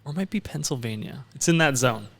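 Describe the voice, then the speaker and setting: A man's voice: mid-range voice, animated, quick pace, a bit bright. A man co-hosting a casual podcast, chatty and fond of explaining his little theories. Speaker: podcast co-host. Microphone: studio mic with headphones.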